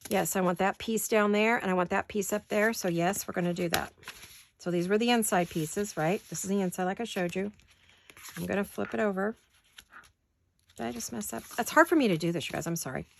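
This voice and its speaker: The craft video host, a middle-aged woman in her home studio, speaks a little fast at medium pitch with vocal fry, and a faint hiss or hum sits under the audio. She has the hiccups while chatting and muttering asides to herself during the work.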